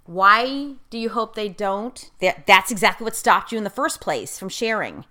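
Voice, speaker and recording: Expressive and at normal speed, this mid-range voice sounds pushed and bright. It belongs to a life coach in casual conversation who calls herself outspoken and in-your-face, hammering her points home by repeating key phrases.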